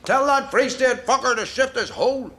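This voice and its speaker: A man's voice: very high-pitched, moderate pace, background noise. An actor playing a blunt, mocking older grandfather in a sitcom. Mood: scornful. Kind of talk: sitcom acting.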